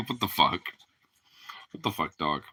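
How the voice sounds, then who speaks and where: A man rambling casually while hanging out with his dog, cursing and laughing as he goes. His pitch swings widely and his tone is bright and sharp, with a teasing edge whenever he talks to the dog. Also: expressive, takes it slowly, husky. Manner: swears freely, rambling, laughs often. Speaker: pet owner vlogger. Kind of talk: casual chat.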